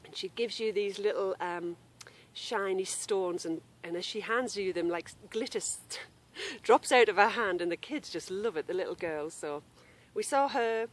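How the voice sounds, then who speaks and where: A woman's voice: mid-range voice, moderate pace. Chatty woman podcasting outdoors. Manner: chatty and apologetic, breaking off to call a wandering dog. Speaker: knitting podcast host. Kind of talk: casual chatty vlog. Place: outdoors in a grassy yard.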